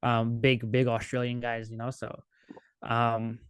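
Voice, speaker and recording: A man's voice: mid-range voice, monotone, a little slow, clear, resonant tone, no echo. A man co-hosting a podcast in casual chat, joking and laughing as he talks. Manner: joking, laughs while talking. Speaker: podcast co-host.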